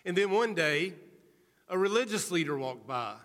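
High-voiced man preaching in a ringing hall. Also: animated, fairly bright tone. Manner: earnest, measured storytelling. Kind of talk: sermon. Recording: reverberant hall.

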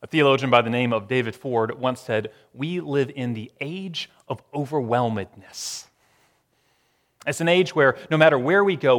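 Man preaching with hushed dramatic pauses. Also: mid-range voice, long reverb tail. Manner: dramatic shifts from loud to hushed, slow emphatic repetitions. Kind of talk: sermon.

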